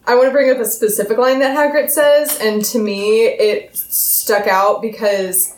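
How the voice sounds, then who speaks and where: A woman co-hosting a book podcast in casual chat, animated and quoting passages from the book aloud. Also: on the high side, measured pace, slight background noise. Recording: roomy echo.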